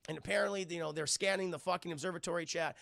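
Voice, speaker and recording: A man's voice: high voice, steady tone, rapid-fire, gravelly, a bit bright, no room sound, studio quality. Profane, rambling young man streaming. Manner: profane, rambling, addresses chat often; mimics sounds and thanks viewers. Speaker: streamer reviewing films. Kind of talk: casual live-stream chat.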